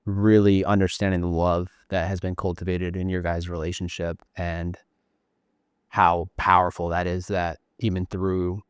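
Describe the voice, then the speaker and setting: A man with a low voice hosts a podcast interview. He speaks earnestly and in a measured way, affirming what his guest has shared. The recording is close and dry. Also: little pitch movement, clear, resonant tone, no room sound. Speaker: podcast host, coach. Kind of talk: reflective interview talk.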